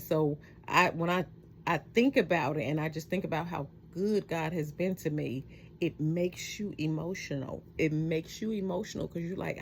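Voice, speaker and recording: A middle-aged woman talking heartfelt and reflective in a personal vlog at home at night, halting often with fillers. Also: fairly low pitch, darkish tone, slight background noise. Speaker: vlogger.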